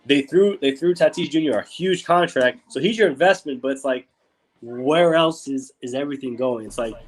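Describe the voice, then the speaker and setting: A man's voice: mid-range voice, moderate pace, poor audio. Rambling young man talking sports. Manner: rambling, loose, full of fillers and swearing. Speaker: co-host. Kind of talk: casual sports chat.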